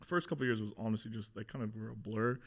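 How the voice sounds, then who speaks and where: A man's voice: lowish voice, very fast. A young man, a guest on an interview podcast, candidly telling a personal story, animatedly acting out what others said, with plenty of swearing and fillers. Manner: animated retelling, acting out quoted voices, frequent swearing and fillers.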